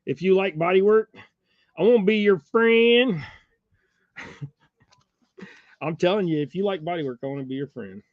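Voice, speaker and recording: Guy tying jigs on a stream, rambly and folksy, kinda high voice, dry dull-sounding mic. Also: unhurried, long pauses, dry recording. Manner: rambling, folksy, chuckles often. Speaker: fishing channel host. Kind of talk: casual livestream chat while tying jigs.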